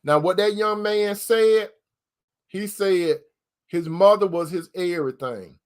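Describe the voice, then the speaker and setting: A man's voice: high-pitched, slow, clean tone. A man giving Christian relationship advice in a preaching style, repeating his points with emphasis and calling his listeners brother and sister. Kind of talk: preaching-style talk to viewers.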